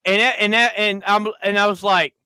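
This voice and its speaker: A man hosting a podcast, telling a crude story loudly and acting out the other people in it. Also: high-pitched, brisk, smooth, no echo. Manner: loud, crude, animated storyteller, acting out quoted voices. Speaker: podcast host. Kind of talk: casual storytelling chat.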